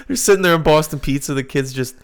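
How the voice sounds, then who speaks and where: A man's voice: a little high, normal speed. Laughing casual podcast host, man. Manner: laughing, acts out quotes with animated voices. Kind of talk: casual chat.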